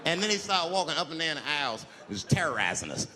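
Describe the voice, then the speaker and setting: A man doing live stand-up storytelling, profane and animated, acting out the people in his story. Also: a little high, fast, few pauses. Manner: profane, animated, acts out voices. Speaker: stand-up comedian. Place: large hall with audience. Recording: live comedy hall with crowd noise.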